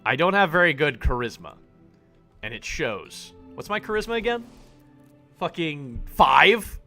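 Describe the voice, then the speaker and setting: A male streamer reads a game aloud and reacts to it, cursing when rolls go badly. His voice sits high and bright, and his pitch rises and falls a lot. Faint game music plays underneath. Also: unhurried. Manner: animated, swears at bad rolls. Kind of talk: reading game text and reacting live.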